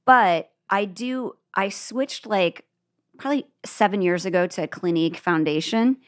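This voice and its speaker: A woman's voice: medium pitch, a little slow. A woman in her forties co-hosting a podcast, chatting casually in a playful, teasing way. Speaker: podcast co-host.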